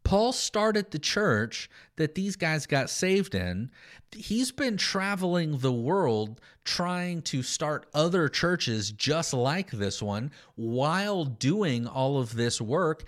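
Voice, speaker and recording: Guy doing a bible podcast, lively voice that jumps around, sarcastic jokes. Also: on the high side. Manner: animated, sarcastic asides, explanatory.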